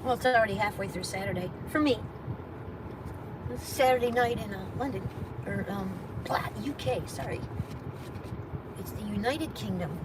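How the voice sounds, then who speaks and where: A woman's voice: medium pitch, moderate pace, pauses often. A woman gig driver chatting casually with her live viewers while she drives, rambling from one thought to the next. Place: in a car on the road. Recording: distant phone mic with loud road noise.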